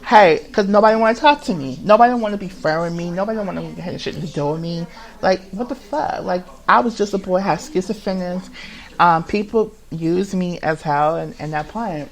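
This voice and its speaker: Hosting his own podcast, a high-pitched man recounts his story as a confessional monologue over poor audio. His telling is halting and rambling, with frequent restarts, plenty of swearing and an agitated, emotional tone.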